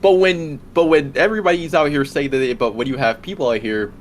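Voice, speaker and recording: A man's voice: on the high side, a little fast, a little hiss or hum. A man making a rambling, repeating case in a casual debate over a voice call. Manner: rambling, repeats and restarts while arguing.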